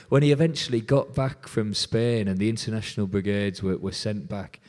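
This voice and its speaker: A folk musician being interviewed, retelling a story with lively quoted dialogue. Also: male voice, on the low side, normal speed, hardly any pauses.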